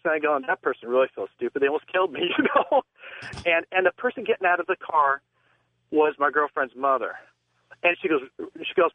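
A man calling into a radio show, telling a long personal story in a halting, rambling way with nervous laughs. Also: a little high. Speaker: caller. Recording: tinny phone line.

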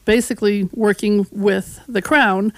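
A woman's voice: mid-range voice, steady tone, unhurried, no echo. A woman historian as a radio guest, explaining history casually and acting out voices from the past. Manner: conversational storytelling, acts out voices of history.

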